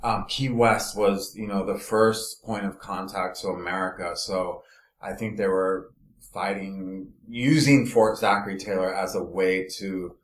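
Guy from LA telling his life story, kinda low voice, echoey room. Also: a little slow. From Los Angeles. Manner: animated storytelling, trailing off and restarting. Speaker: interview guest. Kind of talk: casual conversational interview.

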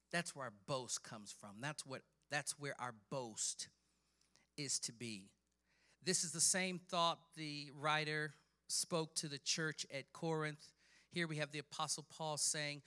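A man preaching a sermon, reading scripture with dramatic emphasis and building from quiet passages to shouting. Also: fairly high pitch, slow. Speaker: pastor.

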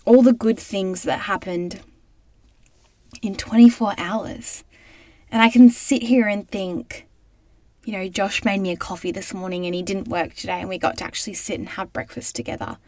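A young woman hosts her own podcast, talking in an earnest, effusive way and often restarting her sentences. She records close to a microphone inside a small clothes wardrobe, so the sound is dry, with almost no echo. Her voice sits at a middle pitch for a woman. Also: fairly even intonation, moderate pace, a little mellow. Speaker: podcast host. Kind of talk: casual solo podcast monologue.

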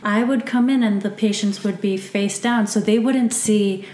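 A woman who works as a massage therapist, chatting casually and telling lively stories from work, acting out what people said. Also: medium pitch, moderate pace. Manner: animated storyteller, acts out quotes. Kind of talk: casual podcast chat. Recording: echoey room.

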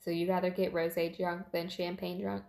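A woman's voice: on the low side, little pitch movement, moderate pace, gravelly, a little mellow. A woman in her twenties co-hosting a casual chat, talkative and giggly, often trailing off mid-sentence. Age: 20s. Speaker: podcast co-host. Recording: echoey room.

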